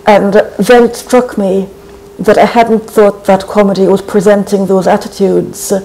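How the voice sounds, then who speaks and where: A speaker in their forties from Trinidad, answers interview questions slowly and thoughtfully. The voice stays flat and even. Its tone is soft and dark, with frequent thinking pauses. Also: medium pitch, slight background noise, poor audio. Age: 40s. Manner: thoughtful and measured, frequent hesitations. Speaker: guest poet. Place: college.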